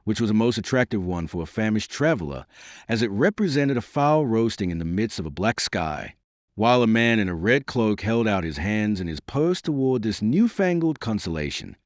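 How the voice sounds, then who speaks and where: Male audiobook narrator, measured and descriptive, lowish pitch, dry studio sound. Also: very animated, no room sound.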